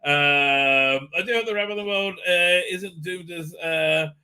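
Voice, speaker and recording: Sharp-voiced excitable man hosting a livestream. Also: on the high side, unhurried, clean tone. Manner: rambling, excitable, profane; laughs often. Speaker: livestream host. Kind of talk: casual live chat.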